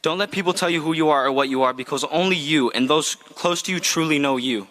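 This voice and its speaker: A man's voice: fairly high pitch, quick pace, fairly bright tone. Earnest young man giving a graduation speech. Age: young adult. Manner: earnest, heartfelt, read from a script. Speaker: graduating student speaker. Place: outdoor graduation ceremony.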